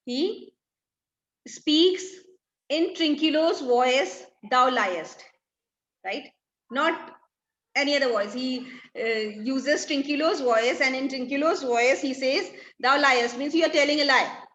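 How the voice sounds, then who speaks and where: In an echoey room, a female English literature teacher walks through a play line by line, paraphrasing each one and posing questions she then answers herself. Her voice is high-pitched and a bit bright, and she speaks a little slowly.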